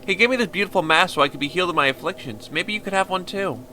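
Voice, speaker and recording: A man doing a meek young violinist who stammers over every other word and keeps calling the listener sir. The voice sits high and bright, halting and apologetic. A lovesick, pleading game character. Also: slight background noise. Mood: earnest.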